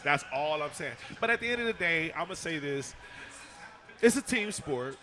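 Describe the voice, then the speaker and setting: A man guesting on a podcast, an expressive, joking comedian who rambles. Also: on the high side, normal speed. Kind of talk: casual chat. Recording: crowded bar background.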